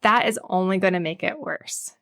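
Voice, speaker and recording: A woman, a child psychologist speaking as a podcast guest, calm and reassuring as she explains. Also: lowish voice, normal speed, creaky, no room sound, studio quality. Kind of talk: podcast interview.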